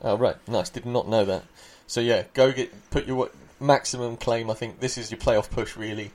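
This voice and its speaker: Upbeat podcast host. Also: male voice, medium pitch, steady tone, normal speed, darkish tone. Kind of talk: casual podcast chat.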